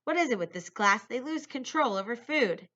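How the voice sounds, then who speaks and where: A woman's voice: a little high, expressive, moderate pace, a bit bright, pitched above the performer's own voice. A woman voicing a confident, friendly schoolgirl who talks boldly, reading a storybook aloud. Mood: teasing. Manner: bold, teasing. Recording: lo-fi recording.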